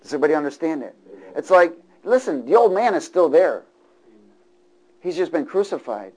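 Middle-aged male preacher, slightly high voice; big volume swings from fervent to hushed. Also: very animated, fairly quick, poor audio. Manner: swings from loud preaching to hushed, near-whispered lines. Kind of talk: sermon.

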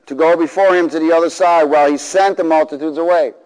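A middle-aged man preaches to his congregation in a voice pitched a little high, calling for responses and acting out the people in his story. His words ring with the long reverb of a large hall. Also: fast. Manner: animated, call-and-response, acts out voices. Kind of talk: sermon. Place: church hall.

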